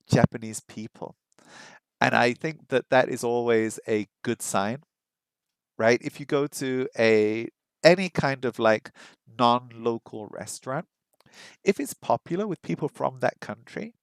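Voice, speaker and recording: A man's voice: medium pitch, clean tone, no room sound. Chatty man thinking aloud, dry sound. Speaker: language learner streaming his practice. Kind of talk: casual livestream chat.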